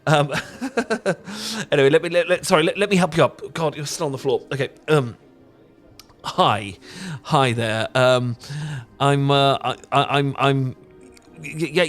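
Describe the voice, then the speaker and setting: A man's voice: medium pitch, measured pace, fairly bright tone, faint music behind. A British man in an audio role-play, stammering, apologizing and laughing nervously. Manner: laughs often. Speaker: ASMR roleplay performer.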